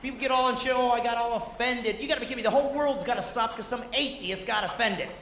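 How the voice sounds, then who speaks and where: A man doing a high-energy stand-up comedy set, shouting and working the crowd. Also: racing. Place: large hall with a live audience. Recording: echoey hall, loud crowd and noise.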